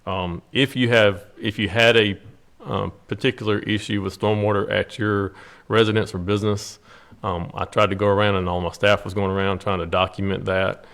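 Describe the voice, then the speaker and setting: A city official giving his report at a council meeting in a measured way, with many filler ums. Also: on the low side, little pitch movement, gravelly, fairly bright tone.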